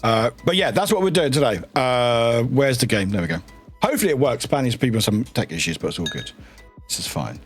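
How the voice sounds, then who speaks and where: Excitable streamer man with a lively voice. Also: medium pitch, fast talker, soft background music. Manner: excitable, swears, laughs often. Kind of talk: casual live-stream chat.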